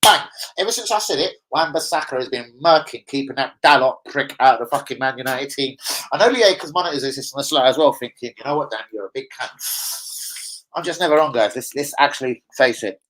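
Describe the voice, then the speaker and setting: A young man hosting a casual football fan livestream, rambling, swearing freely and reading out chat shout-outs. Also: medium pitch, expressive, fast, low-quality recording.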